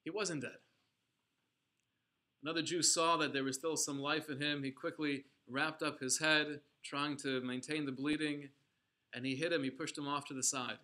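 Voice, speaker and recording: Guy teaching a torah class, bright forceful voice, kinda high, really dramatic storytelling. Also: fairly even intonation, moderate pace. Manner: dramatic, emphatic storytelling with Hebrew and Yiddish terms.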